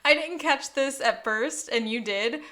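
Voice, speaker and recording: A woman's voice: high voice, a little slow, sharp tone. A woman co-hosting a podcast, chatting casually and laughing often as she recaps a TV episode. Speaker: podcast co-host.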